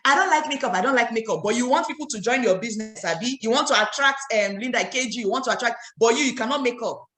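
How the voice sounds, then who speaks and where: A woman's voice: on the high side, fast talker, a bit bright, echoey room. A woman with a Nigerian accent giving an emphatic motivational training talk as a network marketing trainer, scolding her listeners with rhetorical questions.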